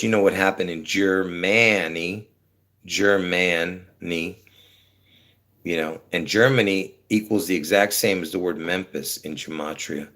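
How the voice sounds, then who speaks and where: Rambling low-voiced man on a livestream. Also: a bit bright. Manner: meandering, trails off, many fillers. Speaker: livestream host. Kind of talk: rambling casual livestream chat. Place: his apartment.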